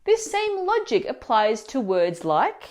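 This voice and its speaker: A woman teaching Italian pronunciation in a scripted video lesson, explaining words clearly and asking the viewer questions. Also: a little high, huge pitch swings, a little slow, darkish tone.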